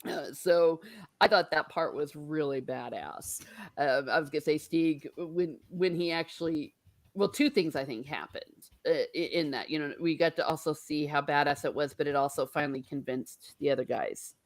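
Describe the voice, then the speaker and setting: A woman hosting a casual book discussion, chatty and animated, laughing often and swearing casually. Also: low voice, moderate pace, no room sound. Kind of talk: casual chat.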